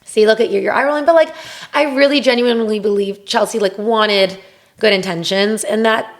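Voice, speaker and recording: Brief: young woman podcast co-host, casual profane gossip, mid-pitched voice. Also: a little fast. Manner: profane, animated gossip with acted quotes. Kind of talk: casual chat.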